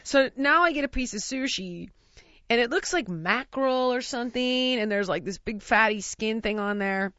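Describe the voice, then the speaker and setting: An American woman telling a lively, laughing anecdote in casual chat. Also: on the high side, normal speed, dry recording, lo-fi sound. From United States.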